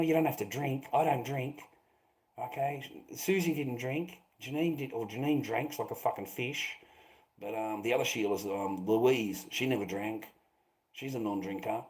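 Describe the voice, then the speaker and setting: A man's voice: mid-range voice, moderate pace, darkish tone, poor audio. A middle-aged Australian man telling a rambling anecdote, swearing often and filling gaps with "rah, rah".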